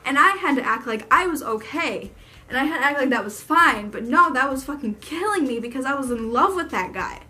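Young woman ranting thru a storytime vlog, kinda high voice, cusses a lot. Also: lively intonation, fairly quick, sharp tone. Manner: frank and profane, lots of swearing; fired up and emphatic. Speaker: vlogger.

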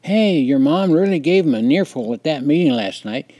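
A man's voice: a little high, expressive, normal speed, dark tone, no room sound, voice pushed up. A man voicing a talkative neighbor woman who eagerly passes on gossip. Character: chatty nosy neighbor woman.

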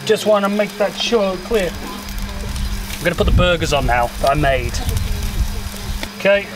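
Man, vlogger, high, excitable joker, cooking outside, noisy outdoor camera audio. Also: measured pace. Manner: chatty, excitable, joking. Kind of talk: casual cooking vlog chat. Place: outdoors at a barbecue. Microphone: camera set far off.

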